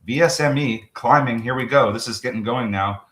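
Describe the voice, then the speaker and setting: A man co-hosting a live trading show, talking through charts in a chatty, halting way. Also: mid-range voice, a bit bright. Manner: chatty, halting, restarts with fillers, quick laughs. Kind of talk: live market commentary. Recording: roomy echo.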